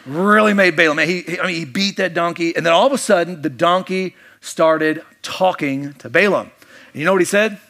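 A man's voice: on the high side, normal speed, gravelly, fairly bright tone. A man preaching a sermon, telling the story in a casual, joking way and acting out the characters' lines. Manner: storytelling, jokey, acts out quoted voices. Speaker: pastor.

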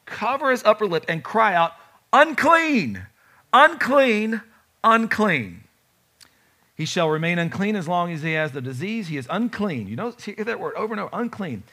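Male pastor, lively sermon delivery, rhetorical questions, bright slightly high voice. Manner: animated preaching with rhetorical questions to the congregation. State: has a bad knee.

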